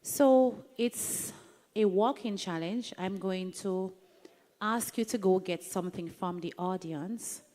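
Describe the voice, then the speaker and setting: A woman's voice: medium pitch, slow, dark tone. A Jamaican woman hosting a live event, chatty and playful as she teases the audience. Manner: playful, chatty, teasing the crowd. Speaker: event host leading an audience activity.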